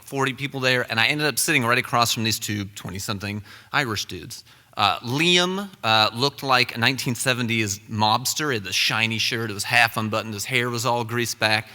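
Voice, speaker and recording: A man's voice: mid-range voice, sharp tone, in a large hall. A young man telling a comic, self-deprecating story live on stage.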